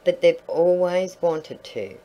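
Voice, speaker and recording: A woman voicing an older male bull terrier who calmly reassures newcomers. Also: on the low side, slow pace, low-quality recording. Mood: reassuring. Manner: reassuring, gently amused.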